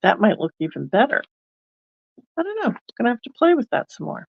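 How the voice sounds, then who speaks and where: A woman's voice: mid-range voice, sing-song, fast, vocal fry, slightly rough, no room sound, narrow, tinny audio. A woman hosting a card-making video, chatting casually and thinking aloud as she works. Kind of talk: casual crafting demonstration.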